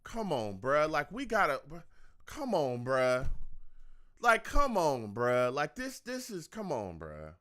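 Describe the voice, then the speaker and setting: Young man, reaction stream host, bright sharp voice, repetitive venting, dry close sound. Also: on the high side, huge pitch swings, takes it slowly, no echo. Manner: frustrated, repetitive, talks to the chat. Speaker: fan show host reacting to a live game. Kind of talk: live game reaction stream.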